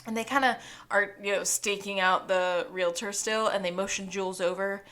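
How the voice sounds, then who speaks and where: Recapping a TV episode on the podcast she co-hosts, this woman speaks at a moderate pace in a steady, slightly bright medium-pitched voice. Her manner is casual and chatty, with frequent laughter and acted-out quotes from the characters.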